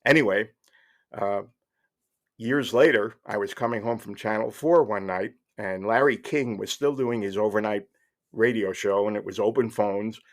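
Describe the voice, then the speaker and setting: Older male podcast host, somewhat low voice, wry and digressive storytelling. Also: moderate pace. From New Jersey. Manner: wry, digressive, with fillers and restarts. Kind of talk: casual storytelling monologue.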